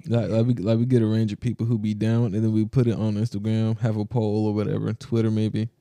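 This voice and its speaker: A man's voice: fairly low pitch, completely flat delivery, quick pace, dark tone, dry recording. A young man co-hosting a podcast in laid-back, slangy casual chat, easily amused. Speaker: podcast co-host.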